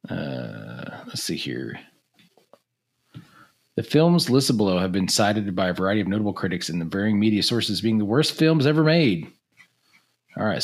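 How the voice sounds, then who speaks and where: A man co-hosting a casual chat, joking and reading movie lists aloud. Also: on the low side. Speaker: podcast co-host.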